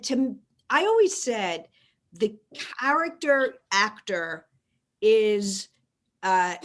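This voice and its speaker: A woman's voice: medium pitch, expressive, slow pace. A woman hosting an interview, casual and rambling, repeating words as she searches for her phrasing. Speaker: podcast host.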